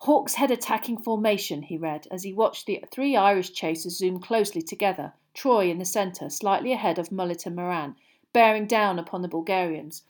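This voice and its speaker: A woman reading a storybook aloud in steady narration. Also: on the low side, moderate pace. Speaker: audiobook reader.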